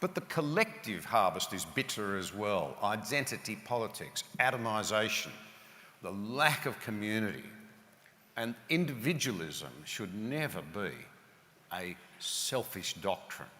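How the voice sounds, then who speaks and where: A man's voice: fairly low pitch, very animated, a little slow, sharp tone. Earnest older Australian man in a hall. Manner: earnest, builds to emphatic points. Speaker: panelist. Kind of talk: storytelling speech to an audience. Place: large hall with audience. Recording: reverberant hall.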